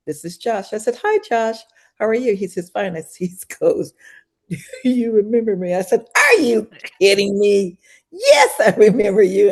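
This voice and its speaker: An older woman with a low voice, appearing as a podcast guest, tells an animated story in a casual interview. She acts out every voice in it, going from hushed to shrieking.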